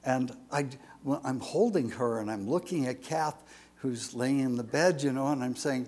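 A man's voice: medium pitch, normal speed, a little mellow. An older man in his sixties preaching a folksy sermon, chatty and rambling, with jokes and asides.

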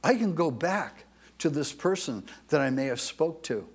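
A man preaching a sermon, speaking slowly and emphatically, with passages that drop to a soft, confessional tone. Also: on the high side, animated, slightly rough.

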